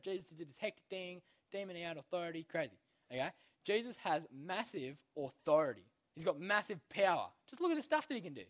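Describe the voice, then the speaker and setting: A man's voice: a little high, a bit bright. A young man giving a casual, slangy Bible lesson to children, constantly checking in with "okay?". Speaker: youth Bible teacher.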